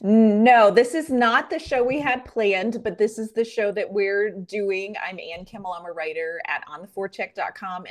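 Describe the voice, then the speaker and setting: A woman co-hosting a casual sports podcast, talking in an animated way with quick asides. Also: medium pitch. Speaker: podcast co-host.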